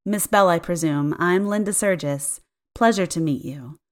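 A woman's voice: lowish voice, normal speed, natural voice. A woman voicing a steely, composed wife who speaks firmly and evenly. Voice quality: firm, even, cutting.

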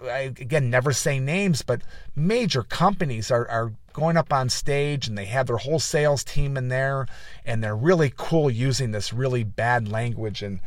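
A man's voice: mid-range voice, dry recording, studio quality. A man hosting a motivational podcast, telling business stories in a rambling, folksy way with many restarts and repeated words. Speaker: motivational speaker and podcast host. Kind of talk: casual motivational talk.

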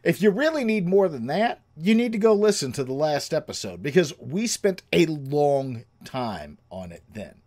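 Male podcast host, 30s, animated and profane, lively pitch. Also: normal speed, few pauses. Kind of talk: casual chat. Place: home, livestream setup.

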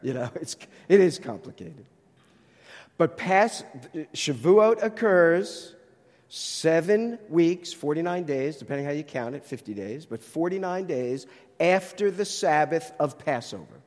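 A man with a New Jersey accent delivers a teaching sermon, working through the text and posing rhetorical questions. His voice sits high for a man. The sound carries the long reverb of a large hall. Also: lively intonation, unhurried, darkish tone. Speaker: Bible teacher.

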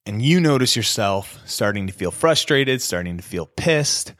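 A man's voice: lowish voice, lively intonation, normal speed, a bit bright, dry recording, clean studio sound. A man hosting an advice podcast, talking in a casual, direct coaching tone. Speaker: podcast host.

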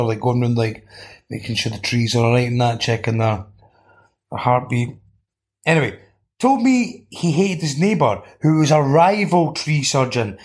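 A Scottish man hosting a podcast, swearing and riffing jokingly as he reads out listeners' comments. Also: medium pitch. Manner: sweary, joking riffs while reading out comments. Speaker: podcast host. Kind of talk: casual comedic chat.

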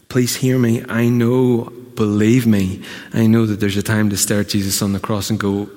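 A man with a Northern Irish accent preaching a lively sermon in church, swinging between loud exclamations and hushed asides. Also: medium pitch, moderate pace. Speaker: pastor. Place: church hall. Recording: long church reverb.

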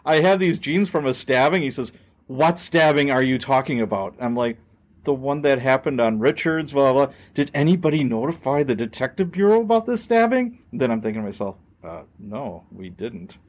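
A middle-aged man tells a story from his days on the police force in a relaxed podcast chat. His voice sits at an ordinary pitch, and he jumps into the quoted voices as he goes, with the odd swear word thrown in. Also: a little fast. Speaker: podcast host, former police officer.

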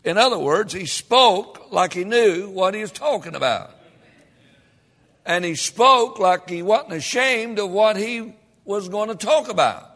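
A man preaching a sermon as pastor, reading scripture and building emphatically to loud peaks. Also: high voice, expressive, unhurried. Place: church sanctuary. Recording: long hall reverb.

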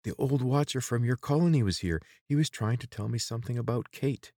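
A man's voice: mid-range voice, a little fast, dark tone, no room sound, studio quality, pitched above the performer's own voice, lightly acted. A man voicing an impulsive young male hero who speaks urgently and pleadingly. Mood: anxious, pleading.

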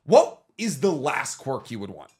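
A man's voice: mid-range voice, big pitch swings, measured pace, darkish tone. A young man co-hosting a podcast, bantering playfully and riffing on his co-host's jokes. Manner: playful, riffs on jokes, asks questions. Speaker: podcast co-host. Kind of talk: casual banter.

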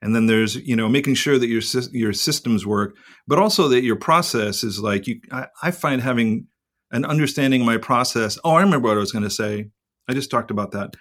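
A man's voice: mid-range voice, fairly quick, a bit bright. A man co-hosting a podcast in casual chat, rambling and reflective and swearing freely. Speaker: podcast co-host.

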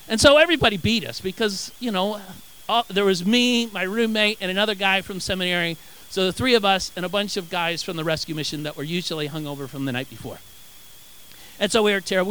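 Man, pastor, sermon, high voice, animated, restarts phrases. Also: clean tone, low-quality recording. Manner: animated, acts out quotes, frequent restarts. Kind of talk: sermon with scripture reading.

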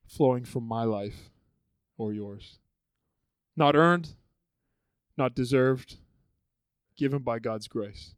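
A man preaching a sermon as pastor, conversational and lively, often repeating words as he builds his point. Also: medium pitch, no room sound.

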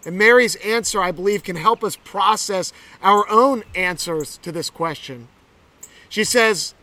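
Bright, high-voiced pastor preaching. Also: male voice, measured pace, no echo, recorded from a distance. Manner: earnest, reflective storytelling. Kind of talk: sermon.

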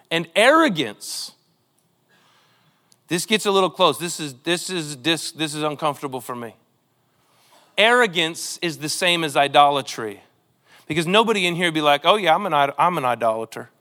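A man preaching a sermon in a church, animated and acting out quoted lines in different voices. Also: fairly high pitch. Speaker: pastor.

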